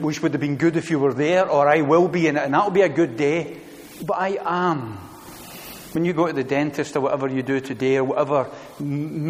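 A middle-aged man preaching a sermon, earnest, building to loud emphatic declarations with repeated phrases. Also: on the high side. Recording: long reverb of a church hall.

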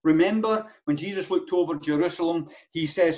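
A male pastor delivers a sermon in a somewhat high-pitched voice. He preaches earnestly and leans on rhetorical questions and repetition. The recording sounds dull and lo-fi. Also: fairly quick, hardly any pauses, darkish tone.

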